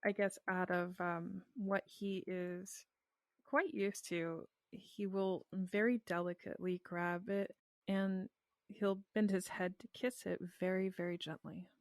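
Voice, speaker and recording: A woman's voice: medium pitch, little pitch movement, slow pace, dry recording, studio quality. A woman playing a tabletop game who describes her character's actions in a hesitant way, with many fillers. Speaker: player.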